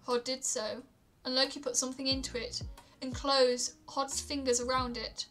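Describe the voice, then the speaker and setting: A woman reading myths aloud on a stream, calm, with small stumbles and restarts. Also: high voice, moderate pace, faint music behind. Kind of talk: storytelling read-aloud.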